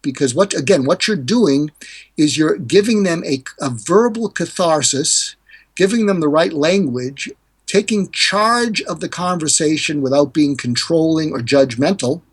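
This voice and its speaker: Older male guest, husky and fairly high, animated explainer who mimics the people he quotes. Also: unhurried. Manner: animated, acts out quoted dialogue with pitch jumps. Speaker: guest, hostage negotiator and author. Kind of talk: podcast interview, explaining techniques.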